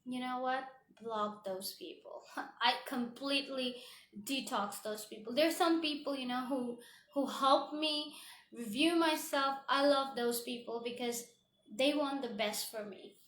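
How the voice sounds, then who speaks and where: Woman, motivational vlogger, earnest and heartfelt, fairly high voice, roomy echo. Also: measured pace, a bit bright. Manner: earnest, heartfelt, many fillers. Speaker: motivational speaker. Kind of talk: motivational vlog talk. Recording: echoey room.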